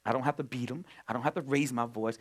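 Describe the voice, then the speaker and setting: A male pastor preaching in a conversational way, moving from quiet storytelling to loud, emphatic points. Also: mid-range voice, fast. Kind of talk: sermon.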